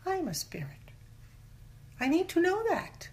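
A woman's voice: very high-pitched, very animated, unhurried, a little mellow. Earnest woman teaching scripture. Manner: earnest, drops to a whisper for emphasis; acts out everyday voices when quoting. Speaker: Christian teacher. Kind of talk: casual Bible teaching in conversation.

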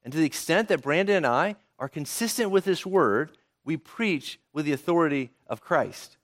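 Man, pastor, sermon, conversational, rhetorical questions, slightly high voice, very animated intonation. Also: moderate pace.

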